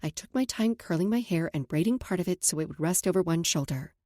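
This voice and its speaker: Woman, audiobook narrator, first-person, soft intimate reading, husky, dark tone. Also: fairly low pitch, expressive, fast talker, no room sound, clean studio sound.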